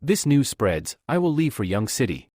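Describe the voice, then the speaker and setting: A man voicing a captive young princess, calm and proud, in a flat read-aloud delivery. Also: mid-range voice, moderate pace, no echo, clean studio sound.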